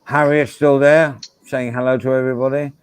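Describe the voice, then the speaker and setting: A man's voice: medium pitch, little pitch movement, fairly quick, smooth, no echo. A man hosting a casual livestream chat with friends, joking and swearing his way through the banter. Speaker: livestream host.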